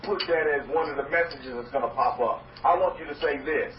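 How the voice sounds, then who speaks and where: A man preaching as a rabbi to a congregation, loud and excited, repeating phrases for emphasis. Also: on the high side, normal speed. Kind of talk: energetic sermon to a congregation. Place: hall with congregation. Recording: roomy, distant, dull lo-fi recording with faint noise.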